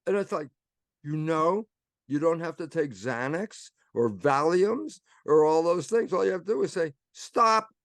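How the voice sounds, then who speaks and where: A man's voice: a little high, expressive, normal speed, no room sound. An older man, a guest in an interview, telling personal stories animatedly and acting out inner voices. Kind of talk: storytelling interview talk.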